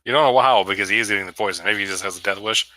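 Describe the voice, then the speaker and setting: A man runs a tabletop game as game master, giving matter-of-fact rulings. His voice is fairly low but very bright and sharp. It is recorded dry over voice chat. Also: rapid-fire, no room sound, poor audio. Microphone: computer mic over online voice chat.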